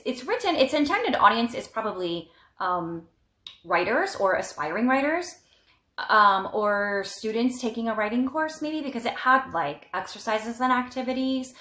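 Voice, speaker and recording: A young adult woman chatting casually and excitedly about books, with frequent restarts and fillers. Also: fairly high pitch. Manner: enthusiastic, rambling, many restarts and fillers. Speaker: book vlogger. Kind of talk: casual book review. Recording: echoey room.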